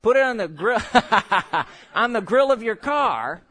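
A man preaching a sermon as pastor, animated and jokey, with sudden shouts, and slowing right down when he reads scripture. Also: sits high. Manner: slow, drawn-out scripture reading.

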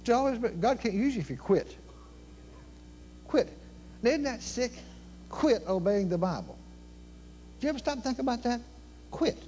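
A man preaching in a folksy manner, telling stories and acting out the dialogue, swinging between quiet murmurs and loud cries. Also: very high-pitched, lively intonation, moderate pace, long pauses, a little hiss or hum. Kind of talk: storytelling sermon.

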